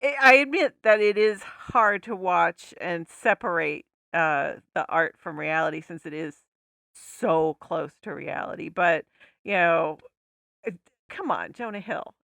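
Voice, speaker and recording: A woman co-hosting a movie podcast in a casual, animated way, laughing often between her points. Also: on the low side, unhurried, vocal fry, no echo, studio quality. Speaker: podcast co-host. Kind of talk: casual movie-review chat.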